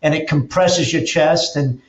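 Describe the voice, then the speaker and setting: A man guest on a podcast, an energetic storyteller who acts out quotes and restarts his sentences often. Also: a little high, measured pace. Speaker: podcast guest, auto dealer and drag racer. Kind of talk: casual interview talk. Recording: roomy, dull lo-fi sound.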